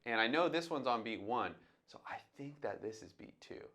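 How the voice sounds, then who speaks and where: A man's voice: mid-range voice, expressive, normal speed, bright, forceful tone. Man teaching jazz drum transcription. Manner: talks through his thinking, sings drum sounds aloud. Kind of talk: casual instructional talk.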